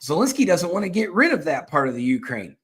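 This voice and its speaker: A man hosts a political commentary show, speaking bluntly and with emphasis. His voice sits a little higher than most men's. He often stumbles into restarts and repeats his phrases as he argues. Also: sing-song, fast talker, a bit bright.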